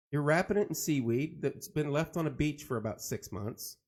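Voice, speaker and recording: A man's voice: fairly high pitch, moderate pace. A middle-aged man hosting a casual live chat, joking and rambling as he tells stories and greets viewers. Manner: joking, rambling, animated storytelling. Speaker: host of a live chat show.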